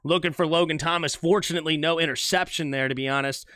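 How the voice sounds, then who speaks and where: Bright, high-voiced fan play-by-play man. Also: no echo, studio quality. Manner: animated, fast shifts between calling plays and chatting. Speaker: streamer doing play-by-play. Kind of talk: live fan play-by-play commentary.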